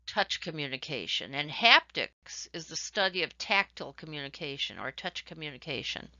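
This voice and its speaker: A woman's voice: sits low, lively intonation, normal speed, bright, forceful tone, no echo, muffled recording. A woman teaching a recorded lecture, explaining ideas with worked examples and shifting emphasis. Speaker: instructor.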